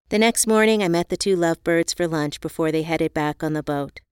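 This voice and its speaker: A woman reading a first-person novel aloud in a calm, even storytelling manner. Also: sits low, normal speed, clear, resonant tone, no room sound, clean studio sound. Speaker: audiobook narrator. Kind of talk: first-person audiobook narration.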